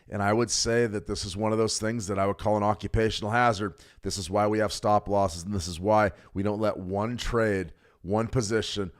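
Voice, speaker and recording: A middle-aged man hosting a live trading stream, giving chatty, energetic market commentary and greeting viewers by name. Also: fairly low pitch.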